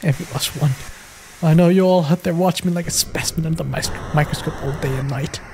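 A gamer reading aloud the lines of an unstable young female streamer in a low, half-whispered way. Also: quick pace, a little mellow, a little hiss or hum, close to an everyday voice. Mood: bitter, menacing.

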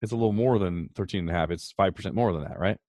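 A man's voice: low-pitched, very fast, no room sound. A man hosting a podcast, explaining finance numbers in a casual, emphatic way. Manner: animated, emphatic, talks through numbers. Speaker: podcast host.

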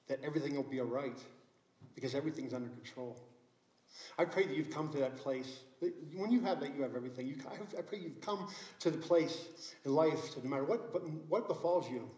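A man's voice: mid-range voice, brisk, a little mellow, roomy sound, low-quality recording. A middle-aged man preaching a sermon as pastor, telling a story earnestly with many restarts. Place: church sanctuary.

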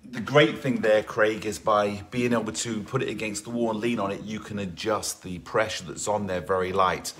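Bright-voiced chatty male fitness instructor. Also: lowish voice, fairly even intonation, normal speed, hardly any pauses. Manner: chatty, greets viewers by name; encouraging, rambling asides. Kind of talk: live online workout class.

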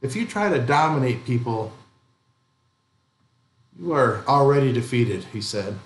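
A man's voice: mid-range voice, animated, a little slow, echoey room. A male pastor reading a story aloud in dramatic first person during a sermon.

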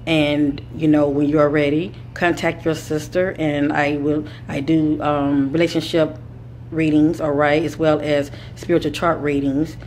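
A woman's voice: deep voice, little pitch movement, a little slow, darkish tone, a little hiss or hum. A woman giving a spiritual advice monologue, speaking with a repetitive, preacher-like cadence and calling her listeners kings and queens. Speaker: spiritual teacher.

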